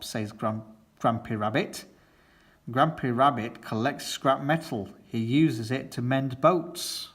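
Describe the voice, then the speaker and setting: A man reading a picture book aloud to children, gentle and friendly. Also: medium pitch, expressive, measured pace, slightly rough. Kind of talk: read-aloud storytelling.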